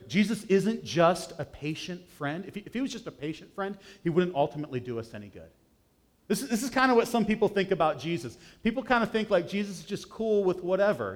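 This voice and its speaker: A male pastor delivering a sermon in a relaxed, conversational way. He repeats key phrases for emphasis and moves between quiet, intimate lines and louder, emphatic ones. His voice sits a little higher than most men's. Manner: conversational preaching, repeats key phrases, swings from hushed to loud.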